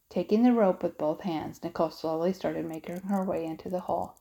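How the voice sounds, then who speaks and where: A woman narrating a children's audiobook in a steady, expressive storytelling manner. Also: fairly low pitch, brisk, gravelly, hardly any pauses, poor audio.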